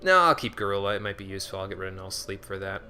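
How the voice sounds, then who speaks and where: Bright, lively streamer. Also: male voice, deep voice, very fast, faint music behind. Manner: chatty, answers chat, self-deprecating with restarts. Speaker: game streamer. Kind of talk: casual live-stream game commentary.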